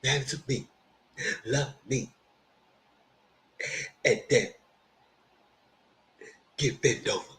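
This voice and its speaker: A man hosting a casual live TV recap, animated, jumping into loud high-pitched quotes of the characters. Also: takes it slowly, long pauses. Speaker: TV review host. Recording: roomy echo.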